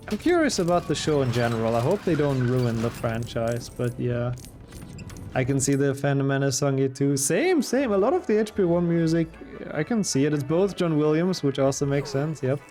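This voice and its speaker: A man streaming a video game, chatting casually and answering his chat as he plays. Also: medium pitch. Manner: reads and answers chat while playing, relaxed and chatty. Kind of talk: casual live-stream chat over gameplay. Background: game music.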